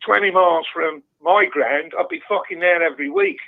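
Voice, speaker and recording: A blunt, ranting man with a strong Birmingham accent rings in to talk football. His fairly high, gravelly voice comes through a thin, tinny phone line. He swears freely and does not hold back. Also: normal speed. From Birmingham, England. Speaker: phone-in caller. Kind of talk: casual football chat. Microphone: telephone.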